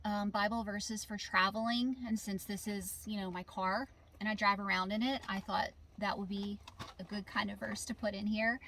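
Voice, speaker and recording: A woman's voice: mid-range voice, steady tone, normal speed, a bit bright, slight background noise. A woman filming a casual show-and-tell vlog inside her car, talking in a chatty, conversational way. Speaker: vlogger. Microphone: camera in the car.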